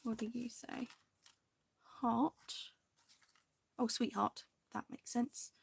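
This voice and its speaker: Lady rambling while she crafts, little whispery asides, kinda gravelly voice. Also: on the high side, fairly even intonation, slow pace. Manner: chatty, indecisive, muttering to herself, soft half-whispered asides. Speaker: crafting video host. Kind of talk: casual crafting chat to viewers.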